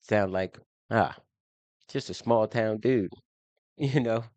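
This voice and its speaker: Low-voiced heated man from Baltimore. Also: slow, a little mellow, no echo. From Baltimore, USA. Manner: incredulous, heated, laughs often. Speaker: reaction video host. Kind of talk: profane reaction commentary. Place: basement. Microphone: faulty home mic.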